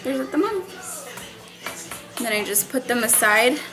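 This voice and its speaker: A woman's voice: fairly high pitch, animated, normal speed, over music. A young pregnant woman vlogging in her home kitchen, chatting to her viewers like family as she cooks. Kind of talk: casual cooking vlog. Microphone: phone camera.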